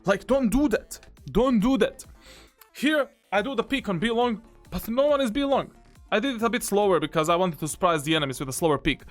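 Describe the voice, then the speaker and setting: A man with a notably high voice talks through his own gameplay like a coach. He is boastful and excitable and slips "bro" in often. Soft music plays faintly behind him. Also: brisk. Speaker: game coach reviewing his own match. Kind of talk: gameplay commentary.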